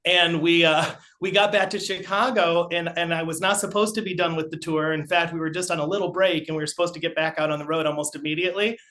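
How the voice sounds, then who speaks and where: A man's voice: a little high, fairly even intonation, quick pace, few pauses, pushed and bright. A middle-aged man and podcast guest, telling casual, rambling anecdotes full of fillers. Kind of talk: casual storytelling.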